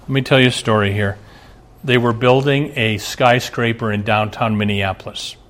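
A man's voice: mid-range voice, fairly even intonation, normal speed, a bit bright. A middle-aged male pastor preaching a sermon, earnest, asking the congregation rhetorical questions.

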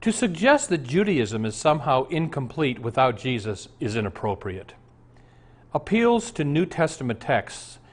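A man in his sixties, a pastor, preaching an earnest, conversational sermon full of rhetorical questions. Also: mid-range voice.

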